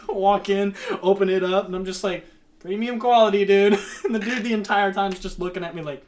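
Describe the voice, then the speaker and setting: A man's voice: high voice, fairly quick. A young man chatting casually and telling a story, laughing often and acting out what people said. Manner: animated, laughing often, acts out quotes.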